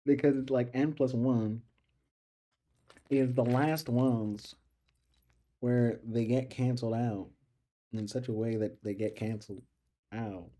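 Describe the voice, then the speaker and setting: Dark-voiced young man puzzling aloud. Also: medium pitch, steady tone, takes it slowly, pauses often. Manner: puzzled, thinking aloud, repeating questions. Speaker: student studying calculus on stream. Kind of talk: casual study stream.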